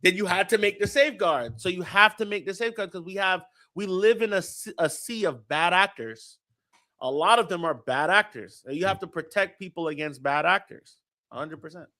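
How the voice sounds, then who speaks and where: A man hosting a casual fan-show chat, talking in a high voice with a bright, forceful edge. He is animated and profane, and he reads viewer comments aloud as he riffs. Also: brisk. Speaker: podcast host.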